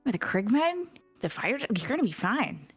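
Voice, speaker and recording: A woman's voice: fairly high pitch, very animated, moderate pace, slightly rough, faint music behind. A woman playing a tabletop game, chatting in an upbeat, joking way. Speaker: player. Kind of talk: casual tabletop play.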